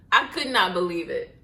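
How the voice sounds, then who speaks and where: Podcast host, female, lively storyteller with a bright voice, exasperated asides, roomy echo. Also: fairly low pitch, creaky. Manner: animated, swearing, mock-exasperated asides. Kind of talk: casual storytelling monologue. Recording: echoey room.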